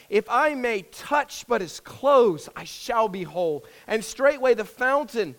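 High-voiced pastor guy preaching, earnest, gets louder reading scripture. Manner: earnest, rises and swells when reading scripture aloud; hushed and slow in prayer.

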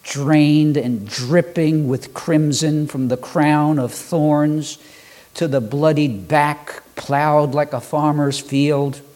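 A man preaching a sermon, building rhythmic lists and pausing for dramatic effect. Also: on the high side, a little mellow. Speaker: pastor.

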